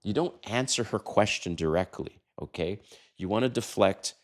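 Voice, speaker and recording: A man in his fifties hosting a dating advice talk, brash and emphatic, who swears and acts out quoted lines in a higher voice. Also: animated, normal speed. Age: 50s. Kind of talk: casual talking-head advice monologue.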